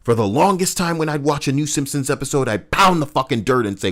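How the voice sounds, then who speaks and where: A man's voice: mid-range voice, expressive, fast, a bit bright. A man chatting casually on a game livestream, profane and rambling. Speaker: game streamer.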